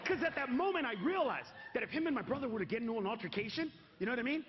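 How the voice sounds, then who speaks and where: A male stand-up comedian performing an animated set on stage, shouting his punchlines. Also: very high voice, very fast. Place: comedy stage before a live audience. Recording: dull live stage recording, audience noise.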